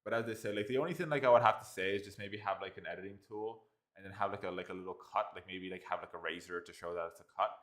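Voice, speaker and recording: An Irish man giving a casual spoken software review, rambling with constant fillers and restarts. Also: sits low, rapid-fire. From Ireland.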